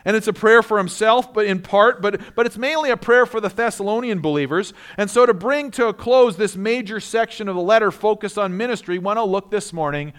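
A man's voice: high-pitched, a little fast, hardly any pauses, fairly bright tone, clear, resonant tone. Man preaching a casual sermon. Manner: conversational, with restarts and asides. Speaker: pastor.

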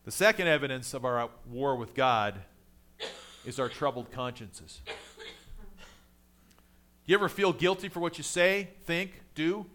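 A male pastor preaching a sermon in a conversational way, building to emphatic points and then dropping low and quiet. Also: lively intonation, unhurried, long pauses.

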